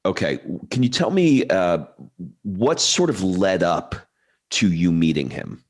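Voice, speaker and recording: A man's voice: low voice, sing-song, a little slow. A middle-aged man hosting a podcast, asking questions in a chatty way with loose asides. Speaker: podcast host. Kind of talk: casual interview.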